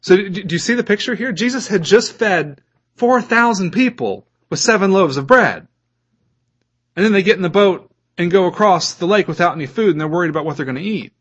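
Man, pastor, sermon, slightly higher voice, animated delivery, asks the congregation questions. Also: brisk, slightly rough, highs cut off. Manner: animated, reads scripture aloud, asks the listeners questions.

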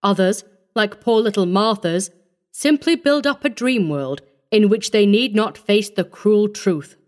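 A woman voicing a brisk, fussy middle-aged orphanage matron in an audiobook reading, talking in a commanding way. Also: medium pitch, animated, darkish tone, lightly acted. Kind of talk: audiobook character voice.

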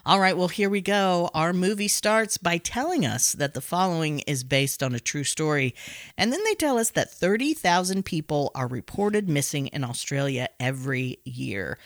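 A woman's voice: sits low, no echo, clean studio sound. A woman hosting a podcast, recapping a horror film in a casual, jokey way with frequent laughs. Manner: animated, laughs often, jokey asides. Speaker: podcast host.

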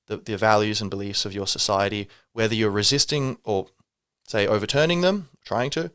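A man's voice: on the low side, normal speed, fairly bright tone, clear, resonant tone, dry recording, clean studio sound. A man hosting a solo podcast, talking reflectively and rambling, with many fillers and restarts. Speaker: podcast host.

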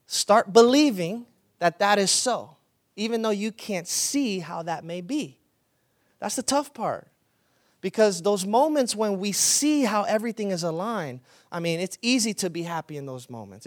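A man with a fairly high voice delivers a sermon in an earnest, conversational way. He gets animated and loud when he tells a story. The sound is dry and close. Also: no room sound. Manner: animated storytelling, rising to loud excited retelling. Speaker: pastor.

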